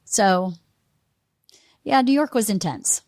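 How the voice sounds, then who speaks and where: A woman's voice: mid-range voice, slow pace, no room sound. A middle-aged woman from Georgia with a Southern accent, telling stories in a casual interview and acting out quoted voices. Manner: animated storyteller, acts out quoted voices. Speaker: guest. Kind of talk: casual conversation.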